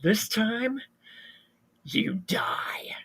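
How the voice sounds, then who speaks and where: A man's voice: sits high, normal speed. A man voicing a smug male slasher killer, gloating over his victim in a fan horror retelling.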